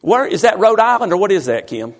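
A pastor with a drawl and a high voice preaches loosely to his flock. He talks in a folksy way and keeps calling out people in the pews with playful questions. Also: very animated, a little fast. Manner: folksy, teasing the congregation with questions. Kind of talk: informal sermon to a congregation.

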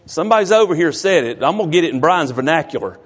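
A man's voice: a little high, animated, fast. A man, a pastor giving an informal sermon and teasing his congregation with questions.

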